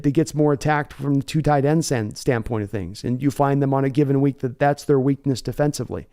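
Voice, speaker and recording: A man's voice: mid-range voice, mellow. A man hosting a live stream, chatting in a rambling way and reading donor messages aloud. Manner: rambling, chatty, reads donations. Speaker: host. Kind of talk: live stream reaction chat.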